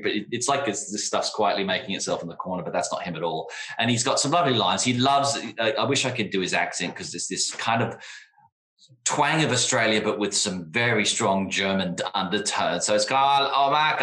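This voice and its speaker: Man, very deep voice, guest at a wine tasting, enthusiastic, rambling, echoey room. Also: a little fast, pushed and bright. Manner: enthusiastic, rambling, frequent restarts. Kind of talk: casual wine tasting conversation.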